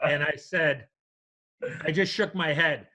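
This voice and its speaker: An older man co-hosting a sports podcast, telling a long anecdote in an animated way and acting out the voices in it. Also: a little high, slow pace, rough recording. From United States. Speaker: podcast co-host. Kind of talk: storytelling in casual chat.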